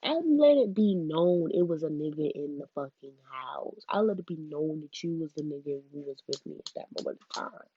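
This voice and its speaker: A young woman tells a casual storytime vlog, animated and quoting people in changing voices. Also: deep voice, normal speed, few pauses, breathy edge, dull audio.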